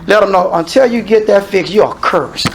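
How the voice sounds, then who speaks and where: A man preaching a sermon, firing questions at the congregation and swinging from low asides to shouted exclamations. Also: moderate pace, a little hiss or hum. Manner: calls and questions aimed at the congregation.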